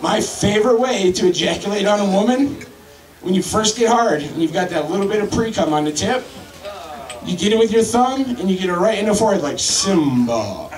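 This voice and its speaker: A man in his thirties hosting and doing crude, deadpan stand-up comedy to a crowd. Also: high-pitched, brisk, distant mic. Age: 30s. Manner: crude, deadpan joke delivery. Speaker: comedy host. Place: crowded club, roomy. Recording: echoey room, mic from afar, loud crowd.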